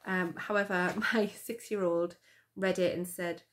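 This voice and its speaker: A woman's voice: on the low side, fairly even intonation, unhurried, a little hiss or hum. A woman, chatting casually to her camera in a rambling way, full of fillers and restarts. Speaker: vlogger. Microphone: camera mic.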